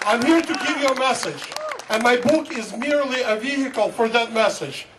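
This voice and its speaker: A man's voice: very high voice, animated, moderate pace. A man from Russia, giving a fervent speech to a crowd at an outdoor rally and repeating a slogan. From Soviet Union (Russia). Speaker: guest speaker at a political rally. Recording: distant mic, loud crowd and noise.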